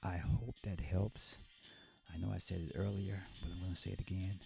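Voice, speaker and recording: A man's voice: sits low, flat delivery, moderate pace, creaky, warm tone, soft background music. A man hosting a solo podcast, giving a casual motivational talk and often checking in with "right?". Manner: conversational, repeats "right?" often. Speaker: podcast host.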